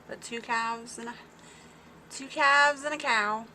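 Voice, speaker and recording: A woman hosting a casual farm livestream, talking excitedly and reading viewer comments aloud. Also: fairly high pitch, slow, a little hiss or hum. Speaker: small-farm livestream host.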